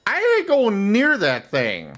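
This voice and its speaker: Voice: medium pitch, huge pitch swings, slow, fairly bright tone. A streamer chatting and joking with friends while playing a strategy game. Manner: joking, reactive. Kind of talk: casual gaming chat.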